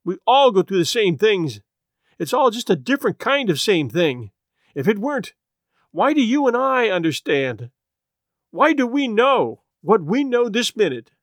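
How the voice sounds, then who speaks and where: A woman's voice: fairly low pitch, big pitch swings, measured pace, dry recording, studio quality, pitched above the performer's own voice. A man reading aloud voices a grieving middle-aged farm wife who talks with impassioned, pleading urgency. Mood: anguished. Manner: impassioned, pleading, voice rising with feeling.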